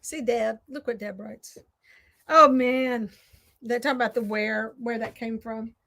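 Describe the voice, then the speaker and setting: A Southern American woman hosting, chatting casually and rambling while she crafts, quick to poke fun at herself. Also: fairly high pitch, fairly even intonation, gravelly, sharp tone. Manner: chatty, rambling, self-deprecating. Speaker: host.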